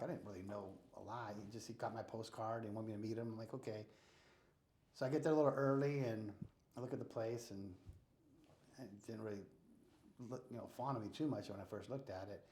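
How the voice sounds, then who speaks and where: A man's voice: fairly low pitch, fairly quick. An American man telling stories in a casual interview and acting out the dialogue as he goes. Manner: animated storyteller acting out dialogue. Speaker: real estate investor guest. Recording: roomy echo.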